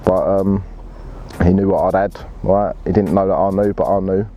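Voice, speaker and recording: Bloke, low dark voice, swears a lot, faint hiss behind; casual storyteller. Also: male voice, steady tone, moderate pace. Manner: blunt, swears freely, laddish slang. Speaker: angler telling his story.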